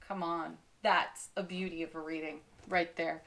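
A woman's voice: fairly low pitch, steady tone, normal speed, hardly any pauses. Upbeat, effusive woman reading tarot. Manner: upbeat and effusive, with gentle laughs; soothing spiritual affirmations. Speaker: tarot reader. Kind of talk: daily tarot card reading.

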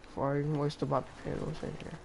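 A young man narrating his gameplay, loud and reactive, quick to trash-talk. His voice carries a gravelly edge, with a faint noise underneath. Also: fairly high pitch, monotone. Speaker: gamer. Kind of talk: live gameplay commentary.

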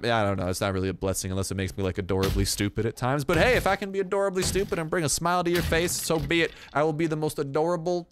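A young man rambling through casual gameplay commentary, goofy and self-mocking, with sudden excited outbursts. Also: fairly high pitch. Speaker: gaming YouTuber.

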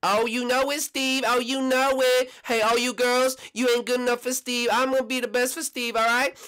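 A man voicing a loud, cocky young woman tennis player who trash-talks her rivals. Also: very high-pitched, little pitch movement, normal speed, clear, resonant tone, pitched above the performer's own voice.

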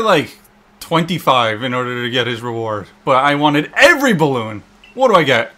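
A young man giving excitable, profane let's-play commentary, talking to the game and its creatures as he plays. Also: medium pitch, brisk, faint music behind. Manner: excitable, swearing, talks to the game. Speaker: gaming YouTuber.

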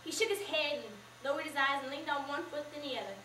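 A teenage girl performing a memorized story in the first person, with expressive, measured narration, in a school auditorium. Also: high-pitched. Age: teens. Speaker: student performer. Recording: echoey room, from far off, faint noise.

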